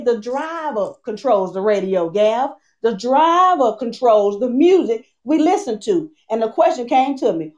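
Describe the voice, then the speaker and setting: A woman preaching a sermon, repeating phrases, asking the congregation questions and slowing down for emphasis. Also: on the high side, a little mellow.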